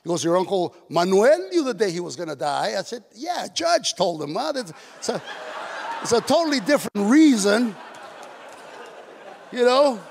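An older man with a high, gravelly and lively voice tells heartfelt stories at a banquet, tearful but joking. He slips into his mother's voice as he goes. The sound rings through an echoey hotel ballroom. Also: moderate pace, a faint crowd. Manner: storytelling, mimics his mother's voice, emotional. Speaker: comedian giving award speech. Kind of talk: stand-up style speech at a banquet. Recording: echoey hall, PA system.

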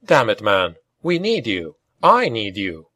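A stern mercenary colonel talks in a hard, level, commanding voice, as a male narrator puts him on. His audiobook lines move lively in pitch. The sound is close and dry. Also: measured pace, breathy edge, no room sound, heavily acted.

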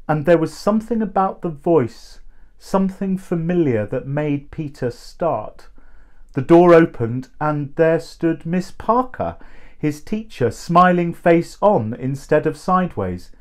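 Slow, measured male storyteller. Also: on the high side. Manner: measured, expressive. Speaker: reader of a short story. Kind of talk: storybook reading.

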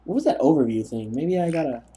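A man's voice: on the high side, expressive, fast talker, warm tone. A young man narrating a gameplay session, telling rambling, self-mocking stories as he plays. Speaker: gaming commentator. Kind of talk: let's play commentary.

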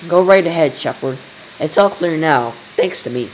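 A man voicing a childish, boastful president who talks loud and excitable in a storybook reading. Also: on the high side, normal speed, a little hiss or hum, lightly acted, poor audio.

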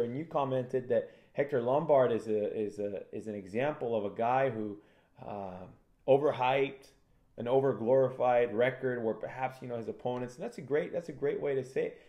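A man co-hosting a casual MMA betting analysis show, animated and acting out fighters in raised voices. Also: medium pitch, echoey room. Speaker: MMA prediction co-host.

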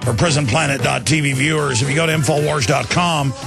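A man in his thirties with a Texan accent, hosting a talk radio call-in show and talking in a combative, rapid way that repeats itself. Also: fairly high pitch, gravelly, over music. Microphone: studio microphone.

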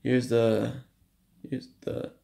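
Slow, gravelly-voiced young man showing his DVDs. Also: mid-range voice, level tone. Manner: halting, stumbling over words, reads out running times; shouts at noisy kids, then apologizes. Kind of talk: casual home video show-and-tell. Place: at home. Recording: faint background noise.

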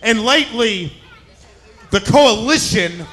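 A man speaking as a wrestler in the ring, delivering a deliberate, emphatic promo. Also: high voice, lively intonation. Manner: deliberate, emphatic, shouting challenges.

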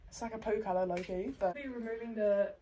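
A woman's voice: mid-range voice, steady tone, fast. A young woman, chatting and joking giggly in a casual vlog. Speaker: vlogger. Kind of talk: casual chat. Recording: distant mic with loud background noise.

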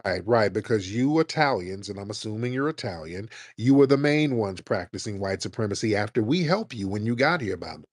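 A man's voice: on the low side, animated, brisk, hardly any pauses, no echo, studio quality. A man hosting a call-in radio talk show, arguing with a caller in a blunt, lecturing and mocking way.

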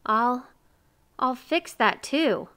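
A woman's voice: on the high side, lively intonation, a little slow, fairly bright tone. A woman voicing a grumpy, tearful old hermit man who talks in a whiny, trembling way.

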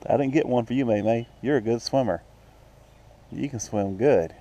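A man's voice: medium pitch, normal speed, warm tone, dull audio. A man vlogging outdoors by a lake, chatting casually and talking to his dogs in baby talk. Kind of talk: casual vlog narration.

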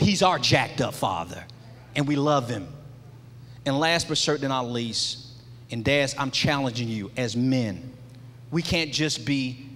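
A man's voice: medium pitch, fairly bright tone. A middle-aged man leading a church men's ministry, giving an impassioned testimony sermon with a repetitive preaching cadence. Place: large church sanctuary. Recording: long hall reverb.

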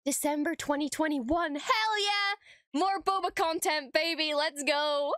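Very high-pitched, gushing woman. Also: measured pace, fairly bright tone, no echo, clean studio sound. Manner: gushing, breathless, swears a lot, stammers when overwhelmed. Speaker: streamer reacting to a TV episode. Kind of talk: excited reaction commentary.

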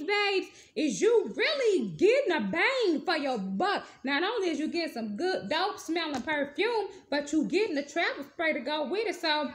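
A woman's voice: high-pitched, fairly bright tone, slight background noise. A woman, gushing through a casual perfume haul review with folksy slang. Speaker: beauty vlogger.

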